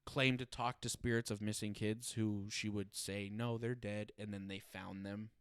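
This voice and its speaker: A man's voice: lowish voice, steady tone, moderate pace, fairly bright tone, smooth, no room sound, clean studio sound. A young man hosting a podcast, chatting casually, swearing freely and laughing often. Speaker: podcast host. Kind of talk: casual chat.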